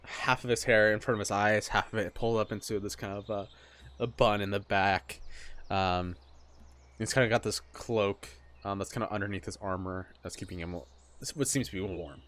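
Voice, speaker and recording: Low voiced guy gm-ing a tabletop game, rambly casual narration, lots of ums. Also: moderate pace, a bit bright. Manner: loose and meandering, with frequent fillers. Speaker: game master.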